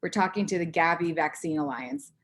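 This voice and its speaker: A woman in her thirties giving a candid personal talk to an audience, acting out her own inner voice in lively bursts. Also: on the low side, fairly quick, gravelly. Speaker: conference speaker.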